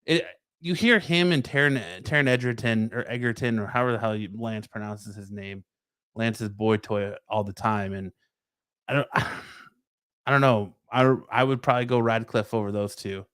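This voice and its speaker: A man's voice: mid-range voice, moderate pace, fairly bright tone, clear, resonant tone, no echo, studio quality. A man co-hosting a casual podcast, reading news stories aloud and riffing loosely on them.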